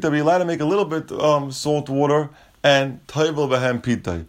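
A man's voice: mid-range voice, lively intonation, brisk. A man teaching a Talmud lesson, reading Aramaic lines and explaining them casually in English. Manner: casual, restates points, frequent restarts.

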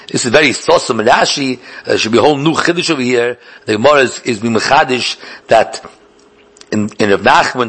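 A man delivers a Talmudic lecture in a husky, middle-pitched voice. He thinks out loud, stumbling over repeated words and restarting his sentences. He weaves Hebrew and Yiddish learning terms into his English. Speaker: Talmud teacher.

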